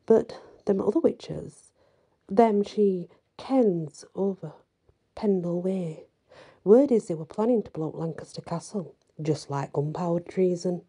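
An excitable, accusing woman prisoner from a storybook, played by a woman reading. Her tone is very dark and mellow, with a husky breath in it. She speaks in brash rustic phrasing. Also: fairly low pitch, a little slow.

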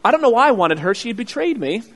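A man preaching a sermon as pastor, telling a childhood story with acted-out voices and loud excited bursts. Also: very high-pitched, fast talker, big-room sound. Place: church sanctuary.

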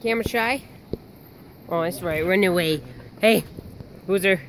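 A woman's voice: fairly low pitch, measured pace, slight background noise, poor audio. A woman filming her pets outdoors on a phone, teasing them playfully with laughs. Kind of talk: casual chat.

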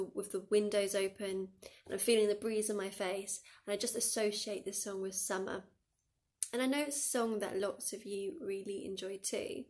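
In a dim room, a woman who teaches music at a school records a lesson for her pupils. With a mid-range, slightly mellow voice, she encourages them, counts them in, and sings the lines to show how they go.

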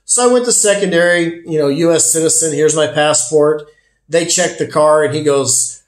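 A man's voice: on the high side, normal speed. Chatty man with a raised voice, in an echoey room. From United States. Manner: chatty, emphatic, addresses viewers as folks. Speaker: vlogger. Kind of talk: casual storytelling to camera.

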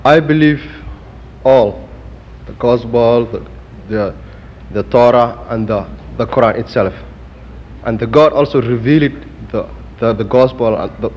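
A man's voice: medium pitch, darkish tone, a little hiss or hum. A man in the audience asking a question at a public lecture, hesitant and searching for words. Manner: hesitant, many fillers and restarts. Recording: long hall reverb.

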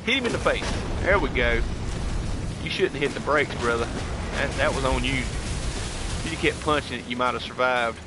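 A man from the United States with a Southern accent chats casually while streaming a game, reading viewer comments aloud in a laid-back way and drawling "heck yeah" and "dude." His voice is medium in pitch at normal speed with long pauses. Heavy background noise fills the recording.

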